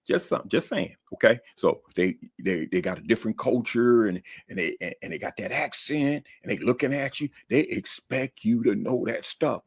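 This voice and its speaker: A man's voice: mid-range voice, moderate pace, few pauses, breathy edge. A man giving casual, joking advice to new college students, often repeating words as he talks. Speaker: college advisor giving tips. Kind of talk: casual talk-to-camera advice.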